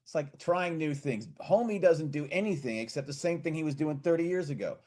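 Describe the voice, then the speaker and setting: Fast talking podcast dude, blunt opinions, kinda rapid fire. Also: male voice, fairly high pitch, a little mellow. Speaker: podcast co-host. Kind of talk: casual chat.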